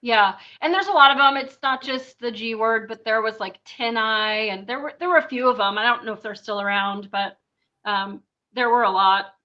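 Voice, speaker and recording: A woman's voice: on the high side, moderate pace, pushed and bright, lo-fi sound. A woman co-hosting a podcast, chatting casually and sarcastically with many fillers. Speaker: podcast co-host. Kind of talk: casual chat.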